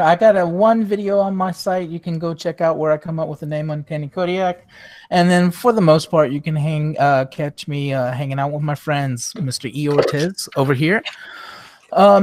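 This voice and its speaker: A man on a casual livestream panel, upbeat, introducing himself and listing friends to shout out. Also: a little high, dry recording. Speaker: panel guest.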